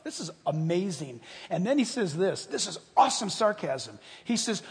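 A man's voice: high-pitched, moderate pace, few pauses, long reverb tail. A male pastor preaching a sermon, talking straight to his congregation with humorous asides. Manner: animated, addresses congregation directly, humorous asides.

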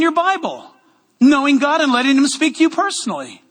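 A pastor with a strikingly high, bright voice preaches a sermon with loud energy in a church sanctuary, tossing joking asides to the congregation. His pitch swoops wildly, his pace is fairly quick, and a long reverb rings through the hall.

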